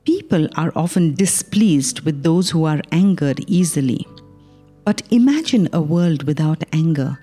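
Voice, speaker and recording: A woman reading a Christian devotional in a calm, measured, earnest way, ending in a prayer. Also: deep voice. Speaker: devotional reader. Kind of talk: read devotional.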